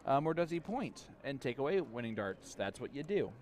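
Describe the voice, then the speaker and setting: A man doing live darts commentary in a chatty manner, quick to laugh. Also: mid-range voice, sing-song, a little mellow.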